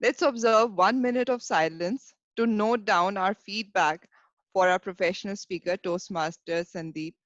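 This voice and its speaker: A woman's voice: medium pitch, moderate pace, no room sound. Woman as meeting host, formal and gracious, dry lo-fi recording. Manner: formal, gracious, quoting sayings. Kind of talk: meeting facilitation. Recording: dry, dull lo-fi mic.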